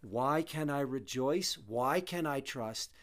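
A man's voice: mid-range voice, slow. A man teaching a psalm in casual conversation, earnest and emphatic, repeating key phrases and quoting Hebrew. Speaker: Bible teacher. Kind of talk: conversational Bible study.

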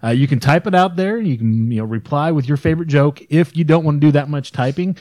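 A man's voice: a little high, fast talker, mellow, dry recording. A man hosting a podcast in casual chat, laid-back, with lots of "all right" and "you know". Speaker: podcast host.

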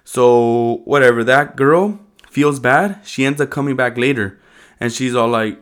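Man, podcast co-host, casual rambling storyteller, slangy, mid-pitched voice. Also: a little slow, fairly bright tone, clear, resonant tone. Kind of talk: casual chat.

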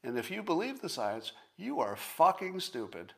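A man in his sixties hosting a solo commentary show, talking in an emphatic, sarcastic and profane way and repeating points slowly for emphasis. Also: on the high side, wildly swooping pitch, creaky, a bit bright. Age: 60s. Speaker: podcast host.

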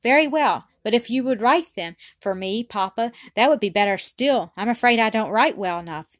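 A woman voicing a meek, devoted little Victorian girl who speaks earnestly and obediently, with raised pitch. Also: lively intonation, normal speed, no room sound, clean studio sound, close to an everyday voice. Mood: eager.

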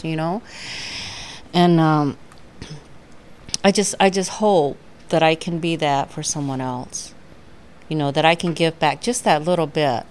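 Middle-aged woman, lowish voice, heartfelt storyteller at a recovery meeting, quick to laugh. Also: a little hiss or hum. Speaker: AA speaker.

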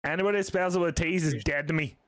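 A man's voice: a little high, fast talker, no echo, studio quality. A man with an Irish accent, chatting as a podcast guest, swearing freely and laughing often. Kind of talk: casual podcast chat.

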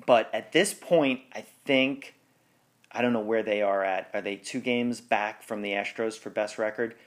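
A man's voice: fairly low pitch, unhurried. A man hosting a sports podcast in casual chat, rambling and correcting himself, with frequent laughs. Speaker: podcast host.

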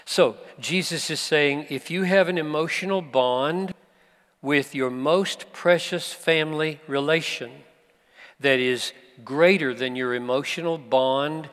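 A man preaching a sermon at a conference, slow and emphatic, with dramatic pauses. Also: fairly high pitch, a bit bright. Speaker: pastor. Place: large conference hall. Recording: live hall recording with long reverb.

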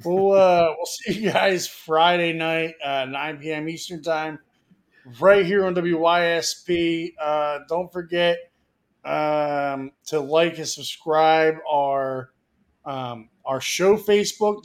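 A man's voice: a little high, slow pace. A man from Philadelphia co-hosting a podcast, signing off in crude, joking casual chat full of swearing. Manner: swearing, joking, loose sign-off. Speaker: podcast co-host.

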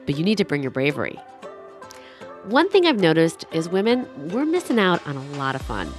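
A woman's voice: lowish voice, huge pitch swings, fairly quick, soft background music. A woman hosting a podcast, talking in an upbeat, enthusiastic way as she introduces the show and interviews a guest. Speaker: podcast host.

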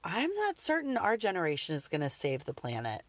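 A woman's voice: lowish voice, wildly swooping pitch, a little fast, no echo. Earnest woman musing on her podcast. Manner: earnest, reflective, with frequent restarts. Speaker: podcast host. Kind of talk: personal podcast monologue.

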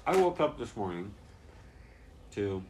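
A man's voice: fairly low pitch, very animated, a little slow, darkish tone, a little hiss or hum. A young man telling a story in casual chat, swearing often and laughing between lines.

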